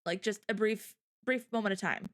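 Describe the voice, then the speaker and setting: A woman hosting a livestream in chatty, upbeat casual talk, quick to laugh. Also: medium pitch, fairly bright tone. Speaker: streamer host.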